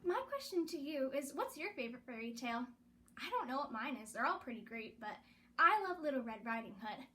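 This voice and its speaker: A woman reads a children's story aloud with lots of expression. Her voice is high and moves up and down freely, keeping young listeners engaged. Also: a little fast. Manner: animated, expressive.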